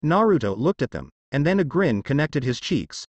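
A man narrating a fanfiction story in a steady, expressive scripted reading. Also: a little high, normal speed, few pauses, dry recording, highs cut off.

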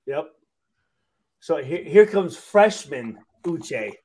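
Brief: male guest, higher pitch, loud and profane, laughing through his stories. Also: expressive, extremely slow, husky. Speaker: guest, former football player. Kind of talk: casual late-night chat.

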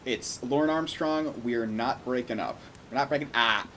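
A man's voice: medium pitch, moderate pace, sharp tone, slight background noise. A man hosting a casual livestream, greeting viewers by name and chatting loosely with some swearing. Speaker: livestream host.

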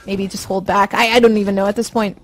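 A woman's voice: mid-range voice, flat delivery, quick pace. A woman casting an esports match live, often stammering and repeating her words. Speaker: esports caster. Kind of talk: live play-by-play commentary. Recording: clear background noise.

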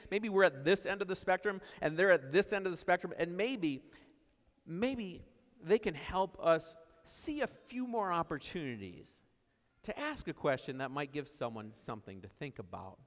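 A man preaching a sermon in a church, telling stories in a conversational way and repeating his key phrases. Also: a little high. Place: church sanctuary. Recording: long church reverb.

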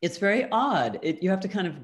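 A woman's voice: mid-range voice, big pitch swings, fast talker. A woman, a guest artist, answers audience questions in a thoughtful, conversational way over a video call. She hedges with "um" and "kind of" and laughs lightly.

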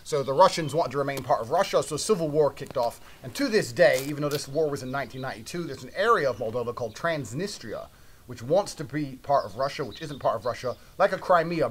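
Brash, fast-talking man swearing through a story. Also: mid-range voice, slight background noise. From Britain. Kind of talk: profane anecdote telling.

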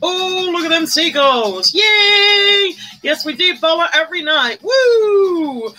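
Bubbly high-voiced woman livestreaming. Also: moderate pace, sharp tone, poor audio. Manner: bubbly, greets viewers by name, squeals and hums. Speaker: livestream host. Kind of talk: chatty live-stream commentary while doing makeup. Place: indoors at home, live streaming. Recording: faint music behind.

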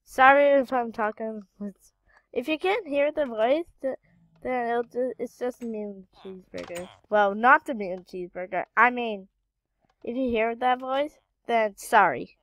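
A woman's voice: a little high, measured pace, fairly bright tone. A woman hosting a gaming channel, giving casual gameplay commentary and muttering to herself while she searches, with frequent exclamations.

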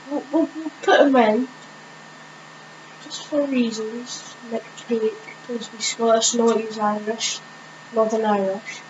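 A woman giving casual gameplay commentary on her own channel, thinking aloud in a hesitant way with many pauses and fillers. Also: on the high side, highs cut off, background noise. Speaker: gaming channel host.

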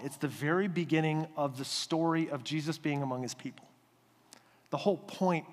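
A male pastor giving a conversational, animated sermon in a church sanctuary. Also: fairly high pitch, long reverb tail.

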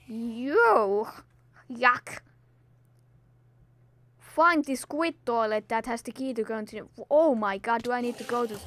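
A woman's voice: fairly high pitch, expressive, slow pace, pauses often, fairly bright tone, dry recording. A woman hosting a Minecraft let's play in a put-on, theatrical voice, scolding enemies and exclaiming dramatically, in slightly non-native English. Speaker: gaming video host.

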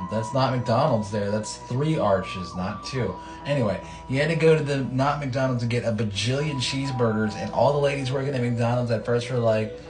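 A man in a casual, profane, rambling comedy rant who acts out characters' lines as he goes. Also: mid-range voice.

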